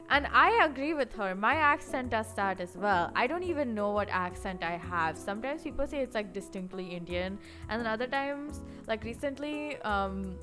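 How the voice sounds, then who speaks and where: A woman's voice: a little high, animated, moderate pace, music in the background. A woman streaming casually, rambling and chatty with lots of filler words. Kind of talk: casual live-stream chat.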